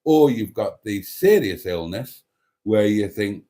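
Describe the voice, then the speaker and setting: A middle-aged man hosts a casual live stream, reading viewer comments aloud between rambling, self-interrupting asides. His voice is mellow and a little congested, and he keeps trailing off into tangents as he chats. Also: on the low side, animated, a little slow. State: a bit congested with mucus.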